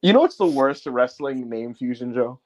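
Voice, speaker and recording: A man co-hosting a casual podcast, telling animated stories and laughing often. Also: mid-range voice, moderate pace, dull audio. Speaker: podcast co-host.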